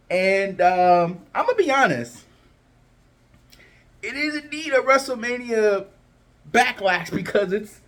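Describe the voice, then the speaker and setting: A man's voice: high voice, a bit bright. A man vlogging his predictions in a loose, chatty way, full of fillers and restarts, his voice cracking a little. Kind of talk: casual chat to camera.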